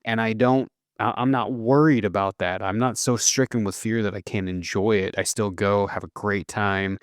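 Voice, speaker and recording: A man's voice: lowish voice, fairly even intonation, normal speed, no room sound, studio quality. A man in his thirties, a nutrition coach, talking reflectively on a podcast with many restarts and fillers. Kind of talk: casual podcast chat.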